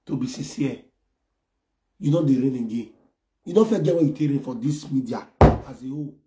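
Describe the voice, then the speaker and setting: A man with a Nigerian accent giving a mocking, insulting rant, switching between loud jeers and low muttering. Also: normal speed, reverberant. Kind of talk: ranting online commentary.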